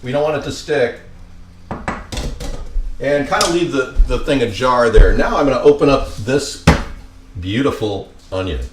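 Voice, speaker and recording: A man in his home kitchen talks through a budget recipe in a chatty, easygoing way, slipping in dry, deadpan jokes. His voice sits at an ordinary middle pitch. Pots, pans and dishes clatter clearly around him. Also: normal speed, pauses often, noisy background. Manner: chatty, with deadpan joking asides. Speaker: home cooking vlogger. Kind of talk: casual cooking demonstration.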